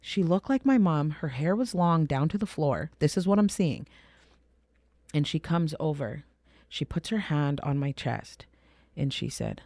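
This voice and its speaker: A middle-aged woman from Canada, a podcast guest telling her story candidly, emphatic and animated, sometimes dropping to a hush. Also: low-pitched, a little slow, dry recording. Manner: emphatic, animated, drops to a hushed voice for intense moments.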